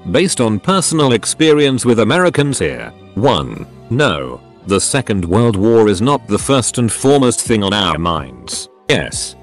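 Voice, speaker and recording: A man narrating forum posts as scripted narration, reading abbreviations letter by letter. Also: lowish voice.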